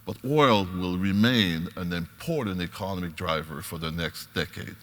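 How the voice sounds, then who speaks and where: Deep-voiced man on a panel. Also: fairly bright tone. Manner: halting, restarts sentences. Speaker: economist panelist. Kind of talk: panel discussion. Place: large conference hall. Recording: reverberant hall sound.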